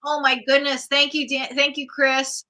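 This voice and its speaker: Casual livestream host, woman, bright and crisp tone, giggly and rambling, reads viewer comments aloud. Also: high voice, little pitch movement, normal speed, rough recording. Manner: chatty, reads out viewer comments and answers them; giggly, rambling with many likes. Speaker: streamer hosting a live chat.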